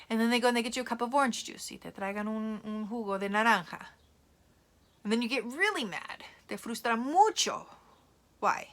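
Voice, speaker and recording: Bilingual teacher, woman, bright, animated read-aloud for kids, playful. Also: fairly high pitch, normal speed. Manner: switches between English and Spanish, animated, playful.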